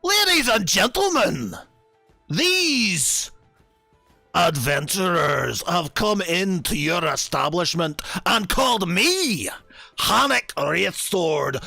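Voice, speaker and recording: Pompous braggart dragon slayer, voiced by a man, high and gravelly, slow and showy. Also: bright, forceful tone, dry recording, full character voice. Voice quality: pompous, theatrical, drawn-out. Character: boastful pompous male dragon-slayer braggart, middle-aged.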